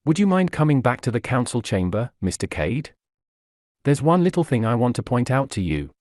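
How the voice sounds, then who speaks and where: Guy reading as a calm laconic cop, low and steady. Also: moderate pace, dry recording, studio quality, close to an everyday voice. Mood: steady probing. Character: steady, laconic middle-aged male police detective.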